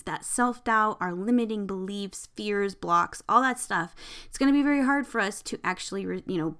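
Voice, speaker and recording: A young woman hosts her podcast in a relaxed, chatty way. She giggles, leans on fillers, and swears casually while poking fun at herself. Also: medium pitch. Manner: swears casually, self-mocking. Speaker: podcast host. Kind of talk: casual chat, tarot card pull.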